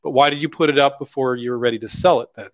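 A man's voice: mid-range voice, very fast, no room sound, dull audio. A man hosting a live question-and-answer session, talking bluntly and casually. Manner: blunt, mock-quoting others in put-on voices. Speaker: host answering viewer questions.

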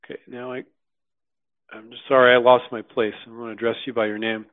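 A man hosting a live question-and-answer session, speaking bluntly and casually and acting out quoted voices with lively jumps in pitch. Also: a little fast, no echo. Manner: animated, acts out quoted voices, blunt and slangy. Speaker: host answering viewer questions. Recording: dry tinny phone-like sound.

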